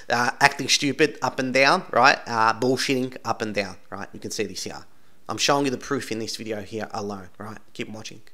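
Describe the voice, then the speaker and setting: This medium-pitched male voice sounds pushed and bright. He hosts a channel from Australia, rambling insistently through casual commentary on videos and tacking "right?" onto almost every line.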